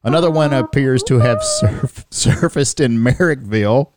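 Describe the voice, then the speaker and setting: A man's voice: mid-range voice, wildly swooping pitch, moderate pace, background noise. A man co-hosting a comedic news podcast, reading headlines aloud and joking between them. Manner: jokey, reads headlines aloud, laughs often. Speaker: podcast co-host.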